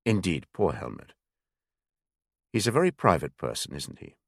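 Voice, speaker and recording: A man reading a senior male spymaster who speaks slowly and very properly in an audiobook. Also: low voice, wildly swooping pitch, creaky, dry recording, clean studio sound, exaggerated voice. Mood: grave. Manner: slow, very proper. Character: senior male spymaster, older, measured, formal.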